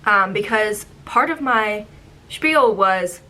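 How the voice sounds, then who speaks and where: A young woman in her twenties casually telling stories from her old job as a theme park ride guide, chatty and animated, acting out how she reacted back then. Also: mid-range voice, slow. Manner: animated, acts out her own past reactions; chatty, with frequent "like" and "um". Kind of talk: casual storytelling vlog.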